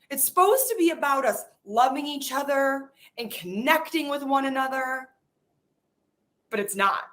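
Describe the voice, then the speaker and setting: A woman hosting a podcast, leading a guided emotional release exercise and voicing her hurt and frustration aloud in a raw, unfiltered way. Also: fairly high pitch. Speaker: podcast host.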